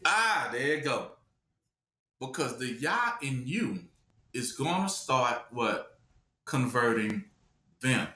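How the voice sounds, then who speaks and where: A man's voice: mid-range voice, big pitch swings, slow, long pauses, sharp tone, reverberant. A man preaching a sermon, emphatic, with call-and-response questions to his listeners.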